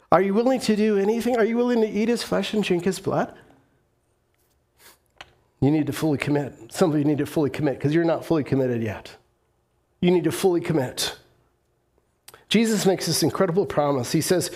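High-voiced emphatic male preacher. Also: animated, moderate pace, darkish tone. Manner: emphatic and repetitive, acts out the voices of reluctant believers; leads the congregation in call-and-response. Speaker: pastor. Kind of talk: sermon.

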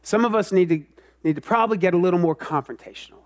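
High-voiced man preaching an animated sermon. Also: fast. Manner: animated, self-mocking, swings into loud outbursts. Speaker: pastor.

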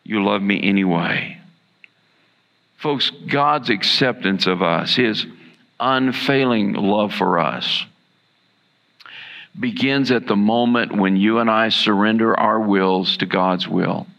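A man preaching a sermon as pastor, earnest and repeating key lines for emphasis, with a gravelly voice. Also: lowish voice, slow pace, a bit bright, muffled recording.

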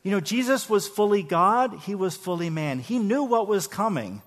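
Conversational pastor preaching in a reverberant hall. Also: male voice, high voice, animated, moderate pace. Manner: conversational, repeats words at the start of phrases, asks the congregation questions. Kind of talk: sermon. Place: church sanctuary.

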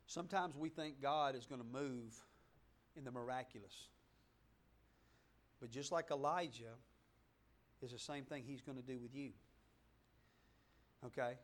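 A man preaching a sermon in a church, talking straight to the congregation and swinging between loud, fervent passages and soft, hushed asides. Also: mid-range voice, a little slow, long pauses. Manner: conversational, addresses the congregation directly. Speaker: pastor. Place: church sanctuary, in front of a congregation.

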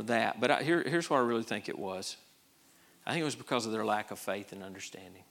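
A man preaching in a relaxed, folksy drawl, talking to his congregation as if in casual conversation. His voice sits at a middle pitch, and he often stumbles over his words and restarts them as he works through a point. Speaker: pastor. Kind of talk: sermon.

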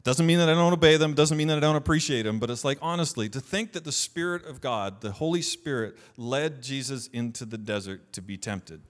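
A man's voice: medium pitch, brisk, few pauses. Conversational man preaching a sermon. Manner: conversational preaching, reads scripture aloud with rising emphasis; repeats words and restarts often. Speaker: pastor.

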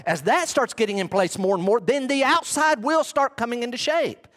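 A man's voice: very high voice, normal speed, fairly bright tone. A man preaching a sermon as a pastor, in a conversational way with emphatic bursts and asides.

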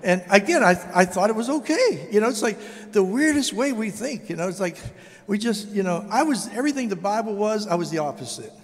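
An older man preaching a testimony sermon as a guest speaker, telling his story with animated, acted-out dialogue. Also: sits high, fairly quick. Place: church sanctuary. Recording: long hall reverb.

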